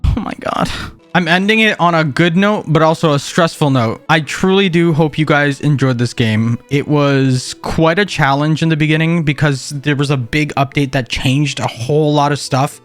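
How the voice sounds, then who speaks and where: A man hosting a gaming video, with goofy, excitable let's-play commentary. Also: on the high side, normal speed, few pauses, soft background music. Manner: goofy, excitable, big emotional swings. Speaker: gaming YouTuber.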